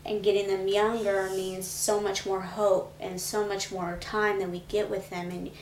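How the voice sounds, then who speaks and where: A woman's voice: mid-range voice, level tone, measured pace, darkish tone. A woman being interviewed, earnestly recounting a hard, emotional memory. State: pregnant. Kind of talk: emotional personal account. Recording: echoey room with faint noise.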